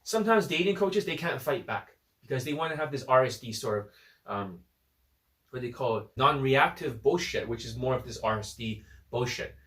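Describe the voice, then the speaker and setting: A man's voice: medium pitch, animated, moderate pace, fairly bright tone, roomy sound, recorded from a distance. A man giving a blunt, profane, combative unscripted rant to camera as a dating coach, recorded on his phone.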